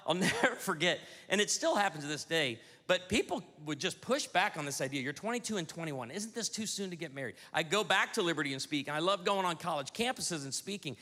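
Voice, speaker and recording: A man in his forties doing a stand-up comedy routine on stage, telling animated stories with quick asides to the audience. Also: high-pitched. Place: church hall on stage. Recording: hall reverb with faint audience ambience.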